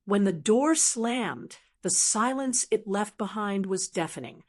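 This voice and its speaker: An older woman reading a first-person story in a measured, reflective way. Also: medium pitch, lively intonation. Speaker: narrator.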